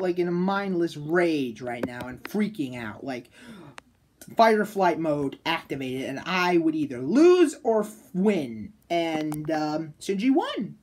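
A woman giving a casual, rambling spoken review of an anime, chatty and excitable, full of fillers and restarts. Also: fairly low pitch, moderate pace, slight background noise. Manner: excitable, jumps into loud shouted bits.

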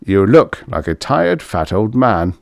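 A man's voice: lowish voice, big pitch swings, unhurried, creaky, no room sound, studio quality, full character voice. A man voicing a prim, condescending android servant who insults his owner in formal tones in a storybook reading.

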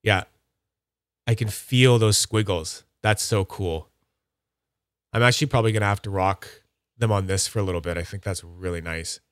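A man hosting a casual livestream, rambling enthusiastically about his collection and slipping into high silly voices when he quotes people. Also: fairly even intonation, moderate pace, pauses often, dry recording, clean studio sound. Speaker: livestream host.

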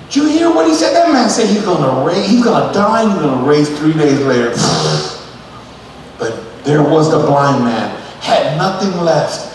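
A man's voice: on the high side, sing-song, moderate pace, slight background noise. A male pastor preaching emphatically and acting out scenes, heard from a distance in an echoey church sanctuary. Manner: emphatic preaching that acts out scenes, with calls to the congregation. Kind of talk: sermon. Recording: echoey church hall from far off.

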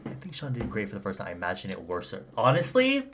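Guest: chatty campy man, bright tone, animated delivery, faint hiss. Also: on the low side, fast talker. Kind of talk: casual chat on a livestream.

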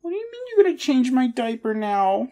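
A woman's voice: high-pitched, sing-song, fairly quick, dark tone. A woman performing a scripted audio role-play, talking in a pouty, whiny, protesting way.

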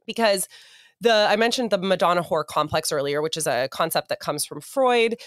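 An articulate woman co-hosts a podcast, laughing easily as she talks through ideas. Her voice sits a little low for a woman. The sound is close and dry, with no room around it. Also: lively intonation, moderate pace, no echo. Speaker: podcast co-host. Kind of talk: academic conversation.

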